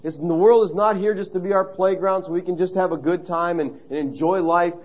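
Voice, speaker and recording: A man's voice: high voice, a little fast, highs cut off. A man preaching a sermon in a conversational, story-telling way, stressing key phrases by repeating them. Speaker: pastor.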